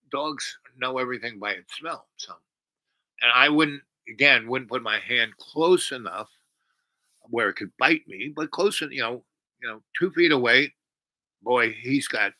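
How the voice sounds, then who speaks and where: A man's voice: mid-range voice, animated, a little slow, pushed and bright, no echo, low-quality recording. A man hosting a long stream, telling a meandering story full of asides and restarts. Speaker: livestream host. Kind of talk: rambling storytelling.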